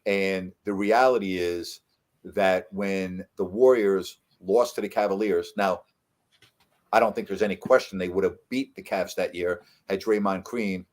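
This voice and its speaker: A middle-aged man, a veteran sports broadcaster, telling stories in a casual chat with lively jumps in his voice for emphasis. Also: low voice, unhurried. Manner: animated storyteller, voice jumps up for emphasis.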